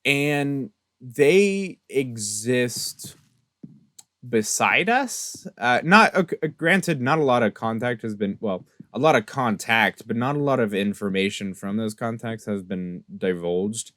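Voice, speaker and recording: A young man casually recapping a game story, rambling with many fillers and restarts, jumping between excited high notes and soft asides. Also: slow pace, no echo, studio quality. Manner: rambling, filler-heavy, self-correcting; animated storyteller with sudden pitch jumps and soft asides. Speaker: Minecraft server player recapping lore.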